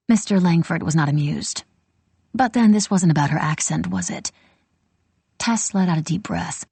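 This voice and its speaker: A woman narrating an audiobook in a measured storytelling manner. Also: fairly low pitch, animated, darkish tone, breathy edge, no room sound. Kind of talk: scripted narration.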